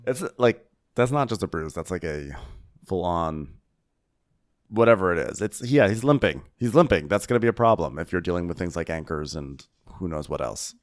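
A man's voice: deep voice, lively intonation, normal speed, no room sound, clean studio sound. A man co-hosting a comedic reality TV recap podcast, chatty and joking. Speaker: podcast co-host.

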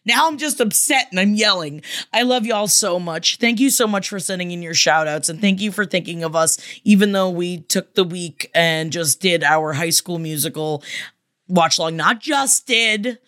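A woman's voice: on the low side, moderate pace, fairly bright tone, dry recording, clean studio sound. A woman podcast host reading listener messages aloud, emotional and affectionate, swearing freely. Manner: effusive and affectionate.

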